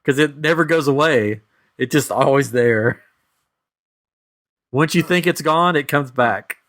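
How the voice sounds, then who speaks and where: A man's voice: a little high, a little slow, a bit bright. A man co-hosting a podcast, chatting casually and joking, laughing often. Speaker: podcast co-host. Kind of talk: casual chat.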